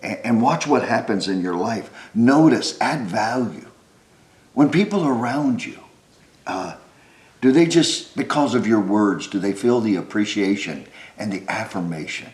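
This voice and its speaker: A middle-aged pastor with a lowish voice preaches from a church stage. He mixes joking asides with earnest calls to action. His voice rings with the echo of a big room. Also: expressive, unhurried, a little mellow. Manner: wisecracking, then earnest exhortation. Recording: echoey church hall.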